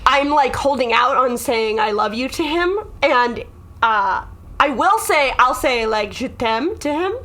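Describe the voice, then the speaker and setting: Chatty woman with a high voice. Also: lively intonation, unhurried, sharp tone. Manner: rambling, self-deprecating storytelling. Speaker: guest comedian. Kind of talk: casual podcast chat.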